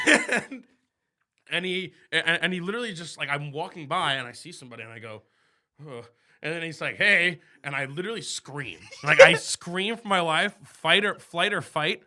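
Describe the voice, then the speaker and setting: Brief: young male podcast co-host, very bright tone, lively storyteller who acts out scenes. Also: a little high, fairly quick. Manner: animated storytelling, acts out his own screams. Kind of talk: casual chat.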